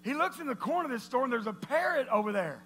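High-voiced preacher telling jokes. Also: male voice, fast talker, a little hiss or hum. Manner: playful, animated storytelling with laughter.

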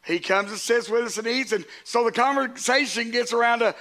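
A man's voice: very high voice, fairly quick, sharp tone. A man, a pastor preaching a sermon to his congregation in a conversational way, with asides to the crowd.

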